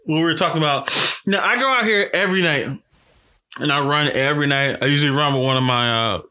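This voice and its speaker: A young man hosting a podcast, telling stories in animated, profane casual chat with frequent restarts. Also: fairly high pitch, quick pace. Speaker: podcast host.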